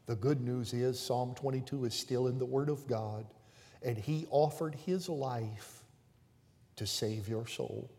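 A man preaching a sermon as pastor, swinging between fervent, raised passages and quiet, hushed appeals to the congregation. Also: medium pitch, unhurried. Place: church sanctuary with pews. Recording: long reverb of a church hall.

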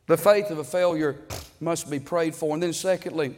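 A man's voice: on the high side, fairly even intonation, moderate pace, darkish tone. A middle-aged man preaching a sermon to a congregation, repeating words and calling out amen. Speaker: pastor. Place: church sanctuary. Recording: long echo of a large hall.

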